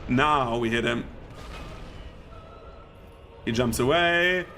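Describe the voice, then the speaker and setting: A man's voice: mid-range voice, very slow, a little hiss or hum. A young man with a German accent, rambling casually and laughing while commenting on his gameplay. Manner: rambling, laughs often, excitable bursts. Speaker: gaming streamer.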